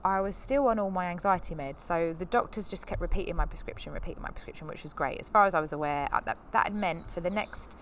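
This podcast host, a woman in her thirties, talks fast with few pauses, telling personal stories in a long, candid, heartfelt ramble. Her slightly low voice brightens into animation when she acts out others' lines, with faint room hiss in the background.

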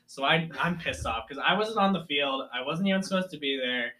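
A man's voice: a little high, normal speed. A young man casually telling a story from his school sports days and acting out his coaches' lines. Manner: animated storyteller, acts out coaches yelling.

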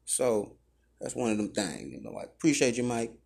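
A man's voice: medium pitch, big pitch swings, normal speed, vocal fry, a little mellow, slightly rough. A man hosting a podcast, talking in a loose, profane and rambling way. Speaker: podcast host. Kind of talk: casual podcast talk.

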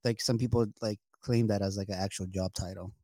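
A man's voice: lowish voice, steady tone, a little fast, mellow, no room sound. Wry, hesitant man in dry audio. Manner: hesitant, filler-heavy, wry. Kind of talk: casual chat.

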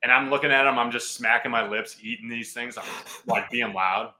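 A man in his thirties, a football player, telling an animated story on a podcast and laughing often. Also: medium pitch, a little fast, rough recording.

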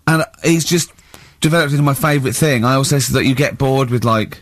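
A man's voice: mid-range voice, brisk, no echo. A man with an English accent hosting a comedic radio show, mocking and telling stories with frequent giggling. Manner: giggly, mocking, animated storytelling. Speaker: radio host. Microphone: studio microphone.

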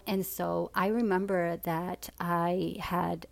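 A woman's voice: lowish voice, little pitch movement, slow pace, gravelly, no room sound. A woman in her forties candidly telling a personal story, frank and swearing freely, with many fillers.

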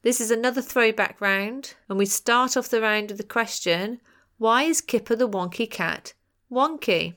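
A woman's voice: fairly high pitch, normal speed, fairly bright tone. A woman hosting a podcast and reading out quiz answers in a chatty, playful way with jokey asides. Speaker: podcast host.

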